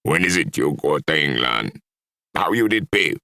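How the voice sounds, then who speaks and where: Gruff Trinidadian dad, as a male narrator puts him on, low and gravelly, quick to bark out orders. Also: big pitch swings, dry recording, clean studio sound, heavily acted. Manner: gruff, erupting into shouting. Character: blunt stern Trinidadian father, older man.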